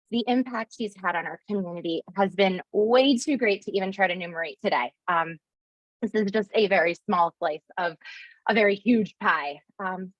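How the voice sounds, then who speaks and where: A woman hosting a webinar on a video call, giving a heartfelt farewell speech with halting fillers. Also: mid-range voice, dry recording, dull audio. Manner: warm and emotional, halting with fillers. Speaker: webinar host.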